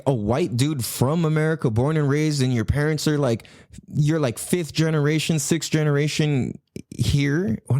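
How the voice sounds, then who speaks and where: A man's voice: on the high side, no echo, clean studio sound. A man hosting a podcast in casual, rambling chat, swearing freely and laughing as he goes. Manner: animated, profane, laughing, rambling. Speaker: podcast host.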